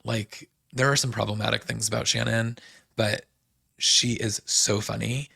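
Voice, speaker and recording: Young guy recapping tv, low gravelly voice, dry close mic, says like a lot. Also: level tone, unhurried, pushed and bright, no room sound. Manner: chatty, fillers like "like" and "um", quotes people. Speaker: podcast host. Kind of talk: casual recap chat.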